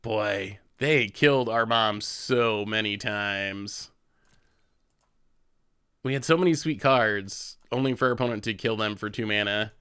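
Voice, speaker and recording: A man's voice: lowish voice, unhurried, bright, forceful tone, smooth. A man hosting a show, giving casual commentary on a card game as he plays, chatty and laughing often. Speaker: host.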